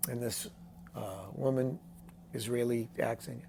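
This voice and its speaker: Gravelly older male storyteller. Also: medium pitch, unhurried, slight background noise. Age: 60s. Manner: animated storyteller, acts out quoted voices. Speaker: songwriter guest. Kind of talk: casual storytelling interview.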